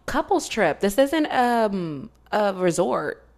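A woman's voice: medium pitch, takes it slowly. A woman co-hosting a podcast in casual chat, acting out the voices of people she quotes. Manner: animated, acts out quoted voices. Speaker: podcast co-host.

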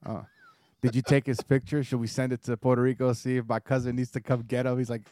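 A young man co-hosting a podcast, joking and chiming in with quick quips. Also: medium pitch, little pitch movement, dark tone, dry recording. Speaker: podcast co-host. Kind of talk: casual chat.

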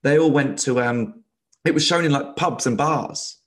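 A man's voice: medium pitch, normal speed. Guy cohosting a podcast, easygoing chat, says like a lot. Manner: chatty, many likes and restarts. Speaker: podcast co-host. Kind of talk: casual chat.

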